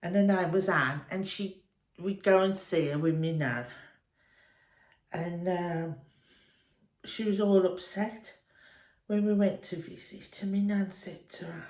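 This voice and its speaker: Slow, chatty woman, echoey room. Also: fairly low pitch, a little mellow. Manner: chatty, meandering, nostalgic storytelling. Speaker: crochet vlogger. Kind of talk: rambling reminiscing chat.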